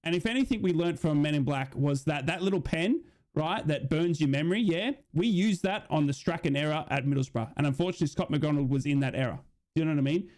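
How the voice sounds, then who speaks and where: Excitable Australian man rambling over football. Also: fairly high pitch, fast talker. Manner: rambling, excitable, frequent "you know what I mean", swears in frustration. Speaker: football watch-along streamer. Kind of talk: live commentary chat with viewers.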